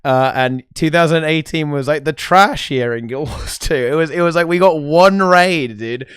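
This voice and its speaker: A man co-hosting a casual gaming chat show, excitable and peppering his talk with "okay?" and "dude". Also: fairly high pitch, moderate pace, hardly any pauses, clean tone, no room sound, clean studio sound. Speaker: podcast co-host.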